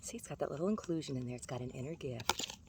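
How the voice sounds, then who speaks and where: A woman's voice: rumbling low, lively intonation, quick pace, background noise. A woman vlogger chatting casually outdoors among the trees, rambling and self-deprecating, laughing at her own jokes. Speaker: vlogger doing tarot card readings.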